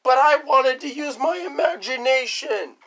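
A man's voice: very high voice, a little slow, sharp tone, voice pushed up, exaggerated voice. A man voicing a street light that pleads to be called a computer, in a whiny, pleading way.

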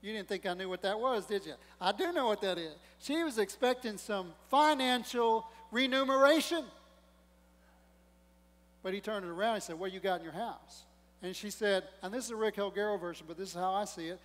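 A man with a high, bright voice preaches to his congregation, swelling to loud emphasis and dropping into asides. The sound rings with a long reverb off the walls of a church sanctuary. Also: lively intonation, brisk. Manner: preaching with rising emphasis and humor, acting out quotes. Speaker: pastor. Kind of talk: sermon.

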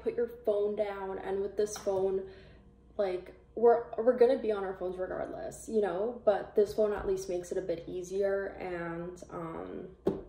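A woman's voice: mid-range voice, fairly even intonation, a little slow, mellow, echoey room, distant mic, slight background noise. A woman giving a casual phone review to camera, rambling with lots of fillers and restarts. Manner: rambling, filler-heavy, hesitant. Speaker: tech vlogger.

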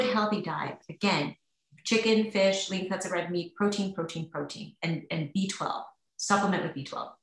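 A woman's voice: medium pitch, a bit bright. A woman physician answering webinar questions in a casual, chatty way with many fillers. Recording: roomy echo.

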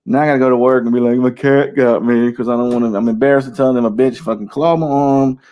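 A male co-host riffing in casual, crude banter, swearing constantly and jumping around in pitch as he rants. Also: steady tone, racing, a little mellow.

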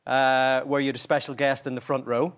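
A man's voice: medium pitch, flat delivery, brisk. A man hosting a chat show, putting friendly, prompting questions to his guest. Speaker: talk show host. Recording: studio audience noise behind.

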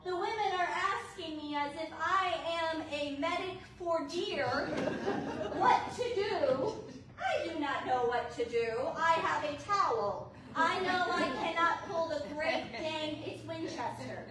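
A woman associate pastor telling a lively, laughing story in a sermon. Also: very high-pitched, a little slow. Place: church fellowship hall. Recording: echoey hall, mic at a distance, audible noise.

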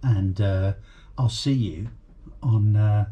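A man's voice: fairly low pitch, takes it slowly, highs cut off. A man hosting a YouTube reaction video in casual chat. He talks hesitantly and offhandedly, with lots of ums and uhs.

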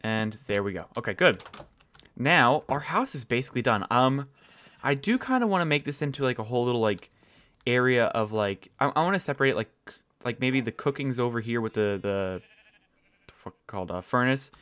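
A man's voice: medium pitch, animated, fairly quick, fairly bright tone. A man giving casual, rambling commentary while playing a building game, swearing often and losing his train of thought. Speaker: gaming channel host.

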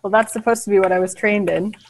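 A woman's voice: medium pitch, fairly even intonation, fast, slight background noise, low-quality recording. Chatty woman playing a tabletop game. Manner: chatty, laughing often. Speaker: player. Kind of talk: casual tabletop game chat.

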